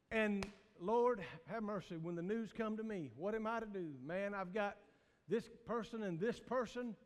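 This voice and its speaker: High-voiced preacher in a hall. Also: male voice. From American South. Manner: Southern preacher cadence, swings from hushed to shouting. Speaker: pastor. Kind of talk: sermon. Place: church sanctuary. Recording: reverberant church hall.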